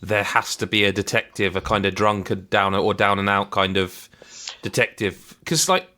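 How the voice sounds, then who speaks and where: Low, bright-voiced host. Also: male voice, normal speed. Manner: chatty, with stammered restarts. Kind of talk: casual podcast chat.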